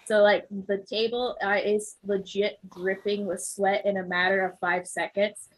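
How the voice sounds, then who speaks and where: A woman's voice: mid-range voice, level tone, unhurried, rough recording. A woman who works as a physical therapist, animatedly telling a story in casual chat, acting out the voices and laughing often.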